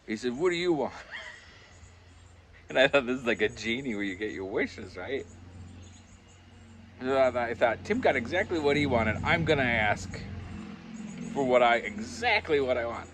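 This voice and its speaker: A man's voice: medium pitch, expressive, moderate pace, long pauses, a bit bright, a little hiss or hum. An older man telling rambling, chuckling pub anecdotes in a casual vlog, acting out the voices he quotes. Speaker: vlogger. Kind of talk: casual storytelling. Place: backyard pub shed.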